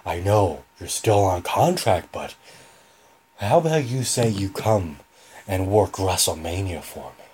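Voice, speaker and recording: A man doing a pompous, gravelly older boss. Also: low voice, expressive, a little slow, a little mellow, voice pushed down, exaggerated voice. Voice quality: gravelly, scratchy. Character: older male wrestling promoter, booming and self-important.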